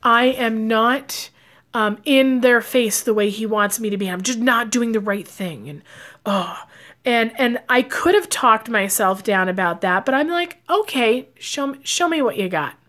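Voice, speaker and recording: A woman's voice: a little high, unhurried, fairly bright tone. A woman, a psychic and life coach, talking casually to her audience and giving advice, with lots of fillers and acted-out quotes. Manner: chatty, acts out quoted lines with filler words. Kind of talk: casual advice talk to camera.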